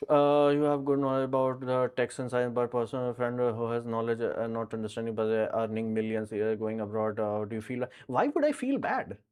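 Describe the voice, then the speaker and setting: A man's voice: mid-range voice, fairly quick, few pauses, darkish tone, clear, resonant tone. Rambling man on a live stream. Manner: rambling, filler-heavy, frank and blunt. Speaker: live stream host answering viewer questions. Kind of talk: casual live Q&A chat.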